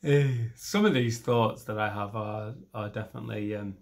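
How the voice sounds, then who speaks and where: A man in his thirties doing a stand-up comedy set, rambling and self-mocking and jumping into loud voices for imagined scenes. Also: lowish voice, moderate pace, creaky. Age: 30s. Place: comedy stage.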